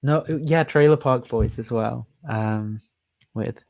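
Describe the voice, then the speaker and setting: This man's mid-range voice is creaky with a darkish tone, and he takes his time. Heard in a dry recording, he hosts a casual livestream, rambling and musing aloud with lots of fillers and laughing at himself.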